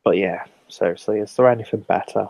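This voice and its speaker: An English man hosting a live beer review stream, chatting casually and reading out viewer comments in a relaxed, rambling way. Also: fairly low pitch, brisk, creaky, slightly rough, no echo, rough recording. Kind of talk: casual late-night live stream chat.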